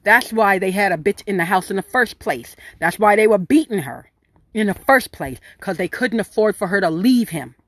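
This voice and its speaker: Woman podcaster, blunt and salty, mid-pitched voice, dry close sound. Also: normal speed, dry recording. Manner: blunt, profane, animated retelling with acted quotes. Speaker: podcast host. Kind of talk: casual storytelling monologue.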